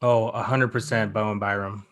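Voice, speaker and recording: A man with a fairly low voice chats as a podcast guest, opinionated and loose. He trips over his own sentences and hedges as he thinks aloud. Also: little pitch movement, moderate pace, a bit bright. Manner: opinionated, frequent restarts and hedges. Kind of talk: casual chat.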